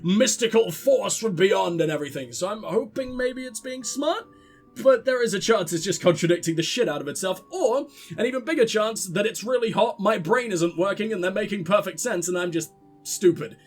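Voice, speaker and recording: Young man, let's play commentary, high voice, sarcastic, cursing, faint music behind. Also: expressive, moderate pace. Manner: sarcastic, swears often. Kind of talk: casual gameplay commentary.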